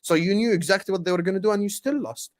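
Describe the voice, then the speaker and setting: Young man, heated podcast rant, slightly high voice, repeats himself. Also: rapid-fire. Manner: ranting, loud swings, repeats lines for effect. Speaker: co-host. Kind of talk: heated casual podcast chat.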